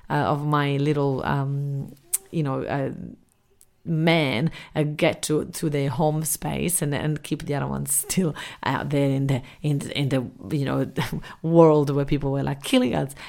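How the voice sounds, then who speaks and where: Middle-aged woman, business coach, low gravelly voice, casual animated monologue. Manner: animated, acts out her own reactions in quotes. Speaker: business coach and podcast host.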